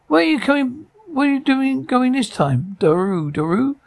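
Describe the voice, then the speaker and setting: A woman's voice: high voice, moderate pace, creaky, a little mellow. A woman playing an anxious older mother in an audio drama, firing off worried questions at her grown daughter.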